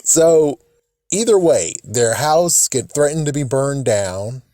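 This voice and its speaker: A man's voice: mid-range voice, animated, slow pace, warm tone, dry recording, clean studio sound. A man giving casual commentary as a video host, rambling and correcting himself.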